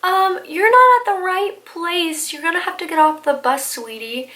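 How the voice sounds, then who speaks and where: A woman's voice: extremely high pitch, normal speed, pitched above the performer's own voice. A woman voicing a polite old man of seventy. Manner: gentle and courteous, calls her sweetie.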